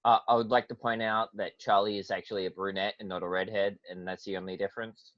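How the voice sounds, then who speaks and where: A man's voice: lowish voice, flat delivery, quick pace, no room sound, highs cut off. A man co-hosting a podcast, chatting in an easygoing, agreeable way about a cartoon. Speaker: podcast co-host. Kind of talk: casual chat reviewing a cartoon.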